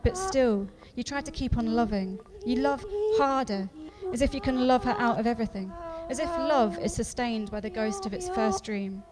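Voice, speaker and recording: A woman's voice: on the high side, lively intonation, normal speed, hardly any pauses. A woman performing her spoken-word poetry live on a festival stage, rhythmic and repeating phrases. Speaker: poet performing her work. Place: festival stage before an audience.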